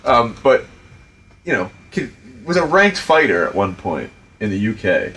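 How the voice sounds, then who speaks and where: A middle-aged man with a Providence, Rhode Island accent, hosting a casual chat and telling stories about directing in an animated, profane way with lots of fillers. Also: lowish voice, a little slow. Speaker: podcast host and film director.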